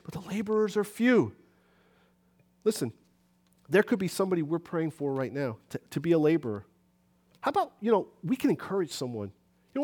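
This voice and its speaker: A high-voiced man preaches a lively church sermon. He swings his voice up when he plays out little scenes of talking to people. His pitch sits well above most men's. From New York City. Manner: animated, acts out conversations with rising pitch.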